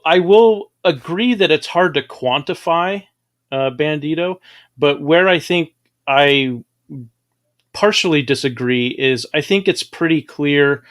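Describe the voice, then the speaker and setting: A man hosting a casual comics podcast, reading viewer comments and answering in a measured way with frequent ums. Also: fairly high pitch, fairly bright tone. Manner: measured, hesitant with ums and uhs. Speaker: podcast host reading chat.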